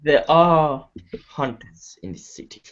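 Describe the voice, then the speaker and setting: A man playing a calm, scheming male vampire who speaks formally and deliberately over a lo-fi video call. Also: fairly high pitch, background noise. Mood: measured. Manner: slow, formal, measured.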